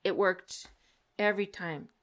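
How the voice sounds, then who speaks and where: A woman's voice: mid-range voice, measured pace. Woman in a chatty podcast talk, ex kindergarten teacher, tells stories and does little voices for kids and parents. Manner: animated storyteller who acts out quoted children and parents. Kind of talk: casual podcast conversation.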